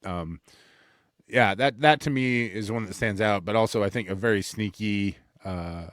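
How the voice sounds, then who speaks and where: A low-pitched man co-hosting a casual sports podcast. He talks earnestly and with strong opinions, often restarting sentences and repeating words as he thinks aloud. The sound is dry and close, with little room echo. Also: normal speed, fairly bright tone. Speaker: podcast co-host.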